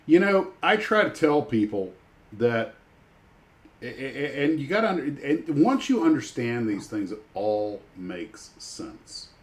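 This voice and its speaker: A retired pilot hosting a livestream chats casually, rambling through stories with lots of restarts. His mid-range voice is very animated and a little slow.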